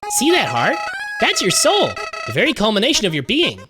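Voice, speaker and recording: A man's voice: sits high, wildly swooping pitch, brisk, pitched above the performer's own voice. A man voicing a sickly sweet male flower with a singsong drawl that turns menacing, over game music. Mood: sugary. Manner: singsong folksy drawl turning to growling menace. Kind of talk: let's play character voice.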